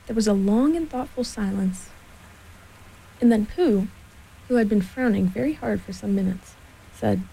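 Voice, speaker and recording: A woman reads a children's storybook aloud in a gentle, steady manner. Her voice is mellow and dark, with a gravelly, husky grain. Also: medium pitch, normal speed, long pauses, poor audio.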